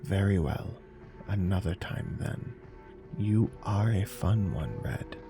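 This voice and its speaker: A man voicing a sinister, mocking male stranger with a raspy, hissing chain-smoker's voice. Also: low-pitched, expressive, heavily acted. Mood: menacing. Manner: slow, menacing, mocking. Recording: narration over faint music.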